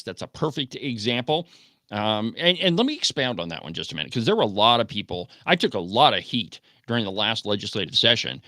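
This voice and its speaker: Male talk radio host from Wyoming, opinionated and emphatic; lively swings in pitch, dry close mic. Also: no room sound. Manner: emphatic, animated, rhetorical questions. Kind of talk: opinionated call-in radio commentary.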